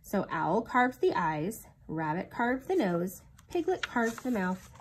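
A woman reading a children's storybook aloud in an expressive, sing-song storytelling manner. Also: medium pitch, takes it slowly, a little hiss or hum, poor audio. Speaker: reader.

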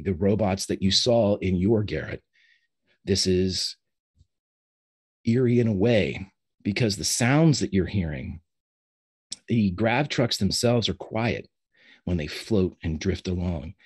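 Man, game master, low pitch, husky, descriptive narration, casual fillers. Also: darkish tone.

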